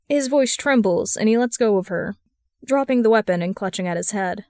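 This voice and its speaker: A woman reading a fan fiction audiobook in a steady, even narration. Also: medium pitch, brisk, no echo, clean studio sound. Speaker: podfic reader.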